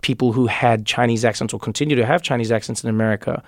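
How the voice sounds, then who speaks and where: A man's voice: medium pitch, steady tone, quick pace, no echo, clean studio sound. A man from Africa, a comedian and author talking reflectively in an interview and often repeating words as he thinks. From South Africa. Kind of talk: conversational interview.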